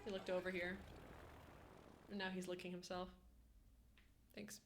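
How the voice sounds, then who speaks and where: A woman's voice: fairly low pitch, little pitch movement, a little slow, soft background music. A young woman streaming, chatting casually with her viewers and cooing at her cat in baby talk. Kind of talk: casual live-stream chat.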